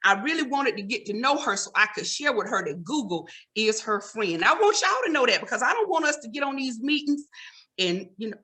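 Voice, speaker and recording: A woman's voice: on the high side, a little fast. A woman comedian doing stand-up, talking straight to her audience and teasing them. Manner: animated, teasing direct address to the audience.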